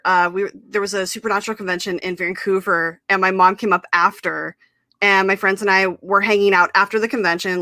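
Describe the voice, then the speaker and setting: A woman's voice: medium pitch, no room sound. A young woman hosting a live show, telling a story with lots of fillers and laughter. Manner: animated storyteller, many fillers, laughs often. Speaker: host. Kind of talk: casual chat, storytelling. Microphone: live stream mic.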